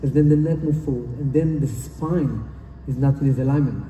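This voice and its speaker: An earnest conference speaker gives a motivational talk, his voice medium in pitch, a little fast and dark, with a slight hiss or hum. He repeats himself and uses non-native phrasing, and he's recorded from far off in a roomy, echoey conference hall.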